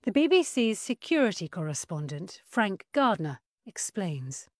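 Casting note: female news presenter, crisp formal links, mid pitch, dry studio. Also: big pitch swings, a little slow, dry recording.

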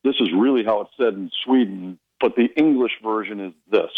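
A man who works as a hockey broadcaster, chatting casually on a radio show and telling anecdotes with quick imitations of the people he quotes. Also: fairly low pitch, creaky, dry recording, phone-quality sound. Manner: storytelling, mimics others' voices in quotes.

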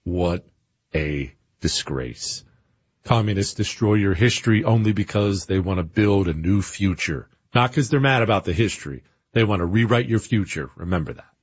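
Punchy talk radio host, husky voice. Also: male voice, expressive, moderate pace, muffled recording. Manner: emphatic, punchy, rising into salesy pitch. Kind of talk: opinionated talk radio monologue with read ads.

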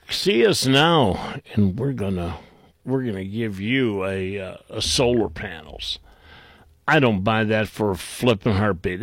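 A man hosting a call-in radio talk show, reading items aloud and mocking them in a blunt, gruff, rambling way. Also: medium pitch, dry recording, studio quality.

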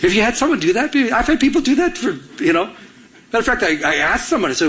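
A middle-aged man from Michigan, a pastor, preaching a sermon. His voice sits a little higher than most men's, and he tells his story with animation, acting out his own lines as he goes. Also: sing-song, fast, fairly bright tone, slight background noise.

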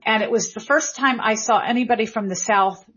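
A middle-aged woman from the American South speaks in a slightly husky, breathy voice. She talks reflectively about how people speak, drawing out her phrasing. The audio is muffled and lo-fi. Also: on the high side, a bit bright. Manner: thoughtful, reflective, drawn-out phrasing. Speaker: guest linguist. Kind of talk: explanatory conversation.

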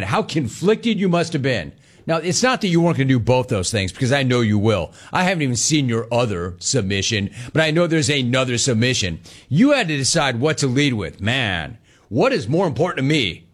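A man's voice: medium pitch, a little fast. A man hosting a sports talk show reads out listener comments and riffs on them. His talk is loose, casual and joking, in an ordinary mid-range voice. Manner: animated, riffing and joking on viewer comments. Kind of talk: casual chat reading listener messages.

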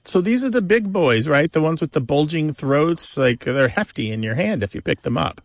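A man's voice: fairly high pitch, animated, normal speed, vocal fry, dry recording. A man co-hosting a language call-in show, explaining word stress in a professorial way with many examples. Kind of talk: explanatory radio chat.

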